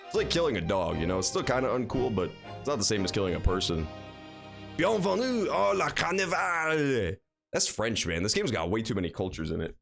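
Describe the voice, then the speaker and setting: A man hosting a let's play, rambling through his thoughts with crude jokes and frequent swearing. His pitch jumps around a lot as he reacts, and faint game music plays beneath him. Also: expressive, quick pace, hardly any pauses. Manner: jokey, profane, thinking out loud. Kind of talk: casual gaming commentary.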